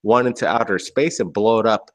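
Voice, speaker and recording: A man with a low voice rambles animatedly through his explanations in casual chat. The sound is dry and close, with no room echo. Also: brisk.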